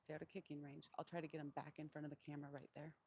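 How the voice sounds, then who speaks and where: A woman training a wild donkey in an outdoor pen, speaking calmly and keeping her voice deliberately monotone as she explains each step. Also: very noisy. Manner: calm, low-key, deliberately monotone. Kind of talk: live training demonstration.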